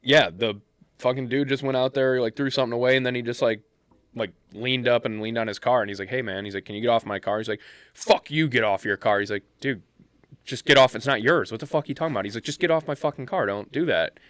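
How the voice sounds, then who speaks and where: A man's voice: medium pitch, fairly even intonation, quick pace, fairly bright tone, dry recording. A man co-hosting a podcast, telling stories in casual chat with lots of swearing and heated outbursts. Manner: profane, heated storytelling. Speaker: podcast co-host.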